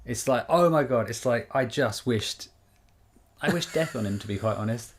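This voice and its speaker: A man from the UK co-hosting a casual podcast chat, telling stories in an expressive, sweary, exasperated way. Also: mid-range voice, normal speed. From United Kingdom. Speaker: podcast co-host.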